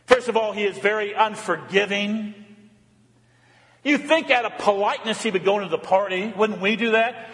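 A man's voice: sits high, moderate pace, a bit bright, big-room sound. A male pastor preaching a sermon, exhorting his listeners with pointed rhetorical questions. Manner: rhetorical questions, exhorting, rising and falling intensity.

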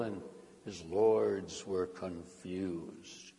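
A man's voice: deep voice, slow, pauses often, darkish tone, long reverb tail. A man preaching, reading a scripture passage aloud with dramatic, rising emphasis on key words.

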